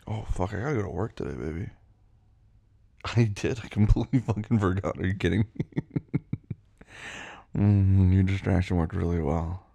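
A man performing an intimate audio role-play, murmuring low and teasing, often breathy and drifting into soft whispers. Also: unhurried, pauses often, no room sound, highs cut off.

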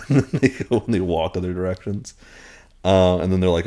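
A man's voice: deep voice, a little fast, vocal fry, warm tone. A man giving a casual, rambling film recap with a playful, irreverent tone and lots of filler words.

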